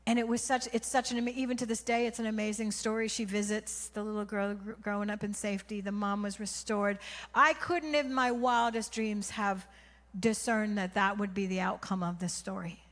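A woman preaches in a church and tells her story with feeling. She drops to a whisper and then rises into loud, drawn-out cries. Her voice carries a long hall reverb. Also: mid-range voice, steady tone. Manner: emotional, swings from hushed whispers to loud cries. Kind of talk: sermon storytelling.

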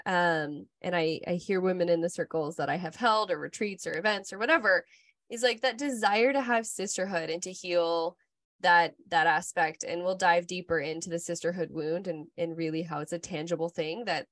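A woman's voice: lowish voice, steady tone, moderate pace, fairly bright tone, no echo, studio quality. Woman in her thirties, rambling candid chat. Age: 30s. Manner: candid, rambling storytelling with frequent "like". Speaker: podcast co-host. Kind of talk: casual chat.

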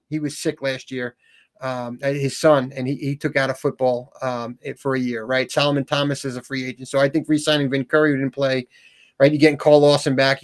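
A man co-hosting a sports talk show, speaking in casual, animated chat. He tags his points with "right?" and repeats and restarts words. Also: fairly high pitch.

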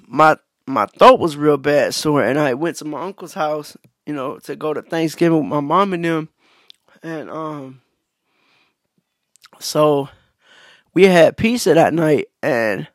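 Laid-back gravelly man telling stories. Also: fairly high pitch, no room sound, clean studio sound. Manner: laid-back, slangy, many fillers and restarts. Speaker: podcast host. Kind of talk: casual storytelling monologue.

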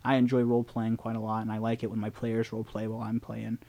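A man's voice: on the low side, monotone, quick pace, dark tone. A man in casual chat, a game master talking about his games in a hesitant, rambling way with many restarts.

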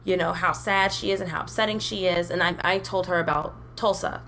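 Young woman podcast co-host, low voice, blunt and profane, faint noise behind. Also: fairly even intonation, fairly quick, fairly bright tone. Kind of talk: casual chat.

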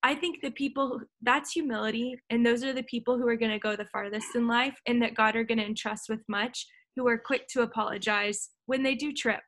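A woman's voice: a little high, fairly even intonation, fairly quick, hardly any pauses, fairly bright tone. Affirming woman podcast host. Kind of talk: casual podcast conversation.

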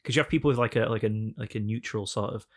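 A man with a Northern English accent in casual podcast chat, telling animated stories. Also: fairly low pitch, fast. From Northern England. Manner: animated storyteller, slips into mock voices. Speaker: podcast co-host.

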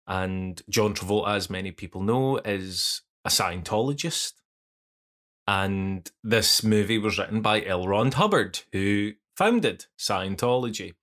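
A man's voice: on the low side, unhurried, a bit bright. A man casually reviewing a film in a wry, mocking way. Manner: wry, mocking, does silly voices. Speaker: podcast co-host. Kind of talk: casual movie review chat.

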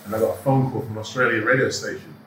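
A man's voice: fairly low pitch, rapid-fire, distant mic, a little hiss or hum. A middle-aged man races through his stories, voicing each quoted line with energy. He sits back from the mic in a roomy, echoing space. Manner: animated storyteller who acts out quoted dialogue. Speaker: actor and producer, guest. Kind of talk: anecdotal interview chat. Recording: echoey room, voice off-mic.

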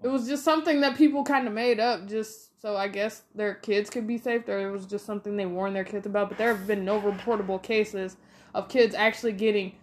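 A woman co-hosting a podcast, chatting casually about a movie, animated and exasperated as she rants. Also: mid-range voice, a little fast. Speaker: podcast co-host. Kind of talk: casual movie review chat.

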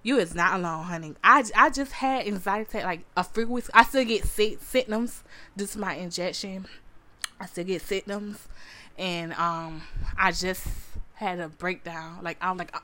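Her voice is fairly low, pushed and bright, at a moderate pace: a young adult woman hosting her podcast and giving personal testimony to a live audience. She repeats herself earnestly and calls her listeners honey.

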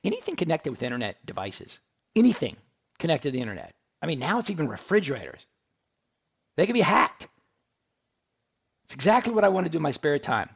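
A man's voice: a little high, sing-song, fast, pauses often, fairly bright tone, husky, muffled recording. A man from Texas hosting a radio tech talk show, chatty and joking, with lots of fillers and restarts.

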